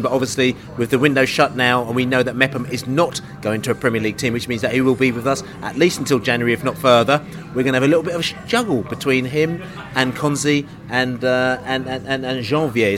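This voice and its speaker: Casting: London man, pub football podcast host, loose rambling chat. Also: mid-range voice. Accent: London English. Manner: chatty, rambling, jokey.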